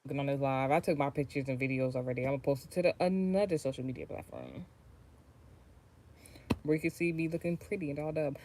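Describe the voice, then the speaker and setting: A woman's voice: deep voice, lively intonation, fast, darkish tone, a little hiss or hum. A woman from the United States talking casually on a livestream as a tarot reader, rambling and swearing freely. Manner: rambling, profane, chatty, often trailing off and restarting.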